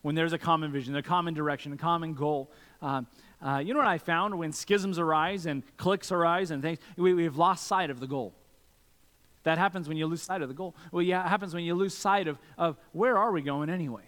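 A man's voice: fairly high pitch, a little fast, fairly bright tone. A man preaching a sermon as pastor, earnest and asking many rhetorical questions. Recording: long reverb from a church hall.

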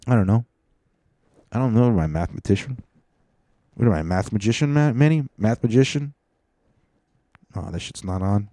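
A man's voice: lowish voice, lively intonation, moderate pace, pauses often, mellow, no room sound, clean studio sound. A young man hosting a podcast, rambling through a profane, self-mocking comedic monologue. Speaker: podcast host.

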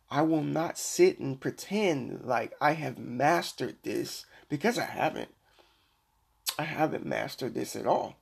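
A middle-aged man hosting a Christian devotional podcast, preaching earnestly and slowing down to read scripture. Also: medium pitch, creaky, breathy edge. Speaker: podcast host.

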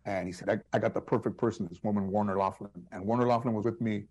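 Husky-voiced man telling comedy stories. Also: fairly low pitch, fast. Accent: Chicano English. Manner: animated anecdotes with quoted voices, frequent restarts. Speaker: guest comedian. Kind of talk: storytelling interview.

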